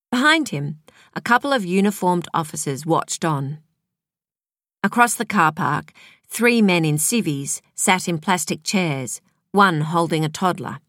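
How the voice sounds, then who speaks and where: A woman audiobook narrator reads a script in a slow, measured, even storytelling manner. Her voice is lowish, and the recording is dry with clean studio sound.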